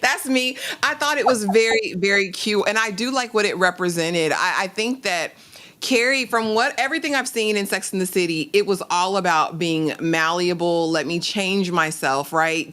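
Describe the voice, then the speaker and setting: A woman's voice: lowish voice, a bit bright. A woman guest reviewer speaking frankly and playfully in a casual recap chat, quoting the characters in raised voices.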